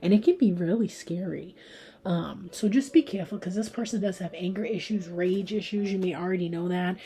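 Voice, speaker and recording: A woman's voice: lowish voice, a little fast, mellow. A woman giving a pick-a-card tarot reading in a chatty way, thinking aloud as she draws cards. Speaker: tarot reader.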